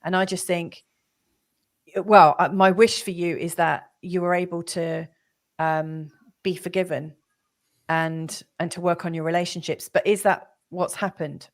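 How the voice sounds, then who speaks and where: A woman's voice: lowish voice, fairly even intonation, a little slow. A woman hosting a conversation, asking questions in a hesitant way with frequent "um"s. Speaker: host. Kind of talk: conversational interview.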